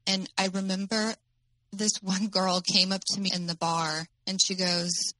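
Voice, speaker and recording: A woman telling her own story as an interview guest, in a halting way with many fillers. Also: medium pitch, level tone, pushed and bright, no room sound, poor audio.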